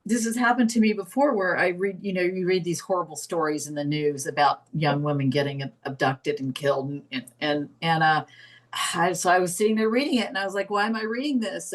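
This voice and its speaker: A middle-aged woman telling her story as a therapy volunteer, tearful, halting and apologetic with many restarts. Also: lowish voice, poor audio. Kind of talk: emotional personal account.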